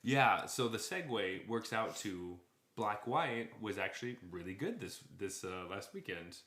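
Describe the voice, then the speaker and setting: A man co-hosting a podcast in casual chat, excitable and quick to laugh. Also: on the low side, echoey room. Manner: excitable, enthusiastic, laughs often. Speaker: podcast co-host.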